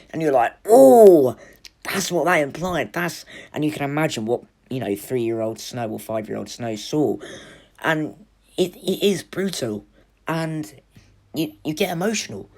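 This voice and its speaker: Chatty movie reviewer, middle pitch, casual spoiler talk. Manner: chatty, lots of "like" and "you know". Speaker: film reviewer.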